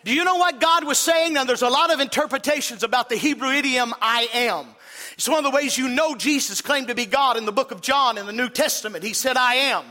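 A male pastor preaching a sermon, emphatic and building up to shouts. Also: very high voice. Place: church. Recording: long reverb of a church hall.

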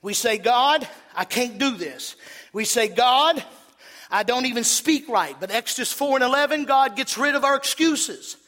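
A man preaching a sermon to his congregation, emphatic, swinging from shouting peaks to low, intense passages. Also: animated, moderate pace. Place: church sanctuary.

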